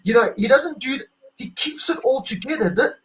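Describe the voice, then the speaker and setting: A high-pitched man co-hosts a casual talk, gushing with emotion and animation. He is middle-aged and from South Africa. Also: lively intonation, moderate pace, a bit bright, rough recording. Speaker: podcast co-host. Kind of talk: excited casual chat.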